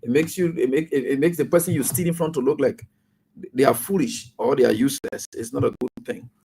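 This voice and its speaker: A man's voice: mid-range voice, a little fast, vocal fry, mellow, breathy edge, rough recording. A man with a Liberian English accent hosting a radio talk show, chatting casually, greeting listeners by name and giving moral advice.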